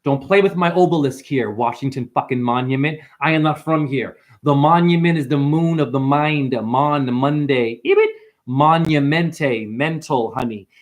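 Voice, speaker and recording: Male livestream host, fairly high voice, profane, impassioned, rambling wordplay. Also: moderate pace. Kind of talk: rambling livestream rant to chat.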